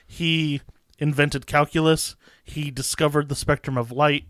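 A man's voice: a little high, steady tone, a little slow, a bit bright, dry recording. Sarcastic man in his thirties. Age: 30s. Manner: dry, sarcastic jokes. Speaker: podcast co-host. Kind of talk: casual chat.

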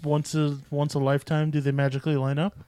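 A man co-hosting a podcast, chiming in with relaxed, wry comments during a casual movie chat. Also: on the high side, fast, dry recording. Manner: relaxed, adds wry comments and agreeing murmurs. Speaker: podcast co-host.

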